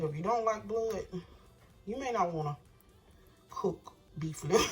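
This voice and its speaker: A woman's voice: on the low side, fairly bright tone. A woman chatting casually to viewers while cooking in her home kitchen. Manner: chatty, addresses viewers as y'all. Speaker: cooking vlogger.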